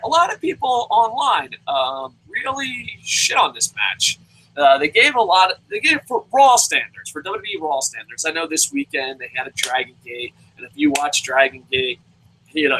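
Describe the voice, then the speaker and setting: A man's voice: a little high, bright, forceful tone, a little hiss or hum, poor audio. A man reviewing a wrestling show, ranting heatedly, swearing constantly and mocking in his commentary. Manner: mocking, acts out impressions.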